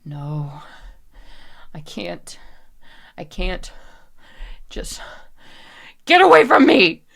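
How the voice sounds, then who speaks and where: A woman's voice: deep voice, unhurried, vocal fry, breathy edge, full character voice. Woman doing a frantic woman turning undead. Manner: panicked, pleading, breaking into whispers.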